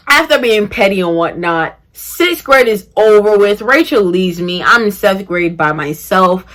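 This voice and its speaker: Chatty, bright-voiced young woman. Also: medium pitch. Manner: chatty, animated, addresses viewers as y'all. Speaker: vlogger. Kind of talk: casual storytime vlog.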